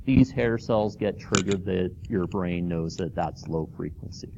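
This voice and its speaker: A man's voice: low-pitched, measured pace, gravelly, lo-fi sound, background noise. Casual man lecturing a class. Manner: informal, checks in with students, many fillers. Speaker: college anatomy and physiology instructor. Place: lecture hall.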